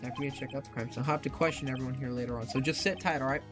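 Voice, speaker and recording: A man voicing a gruff, friendly male police detective who talks bluntly and calls people pal, over game music. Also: medium pitch, fairly even intonation, racing, lightly acted.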